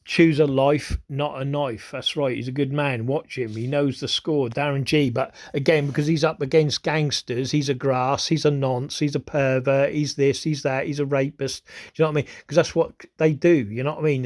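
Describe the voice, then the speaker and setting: A man's voice: medium pitch, flat delivery, a little fast. A man, hosting his own video in a rambling, profane monologue that keeps asking "you know what I mean". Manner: grows agitated and heated. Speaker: video host.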